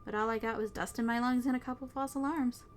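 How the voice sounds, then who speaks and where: A woman's voice: fairly high pitch, steady tone, fast, soft background music, voice pushed up, natural voice. Woman doing breezy wry ghost-hunter. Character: upbeat ghost-hunting young woman, macabre humor.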